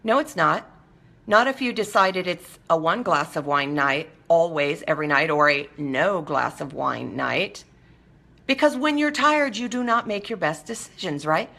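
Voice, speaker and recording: A woman hosts a casual talk segment, addressing her audience directly. Her voice is bright and forward. She talks animatedly, slipping into quick mimicked voices to make her point. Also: low voice, creaky. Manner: animated, acts out quoted voices. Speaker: talk show host. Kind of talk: casual monologue to viewers.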